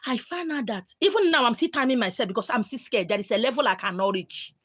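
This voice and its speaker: A Nigerian woman speaks to her live-stream viewers in a frank, storytelling way. Her voice sits somewhat high and moves a lot in pitch. She slips into pidgin and acts out what others said. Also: fast talker, husky. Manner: animated, mixing in pidgin, acting out quotes.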